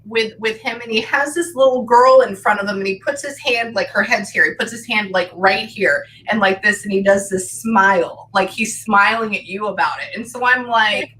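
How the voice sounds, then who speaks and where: Woman, psychic medium, bright tone, excitable chatter, video call. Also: medium pitch, moderate pace, hardly any pauses, a little hiss or hum. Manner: excitable, chatty, filler-heavy. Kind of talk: reading session with a client.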